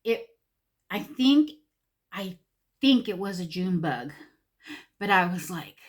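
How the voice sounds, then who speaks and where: A woman's voice: fairly low pitch, animated, slow pace, long pauses. A middle-aged woman, chatting animatedly and full of fillers while she does her makeup for a get-ready-with-me video. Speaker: beauty vlogger.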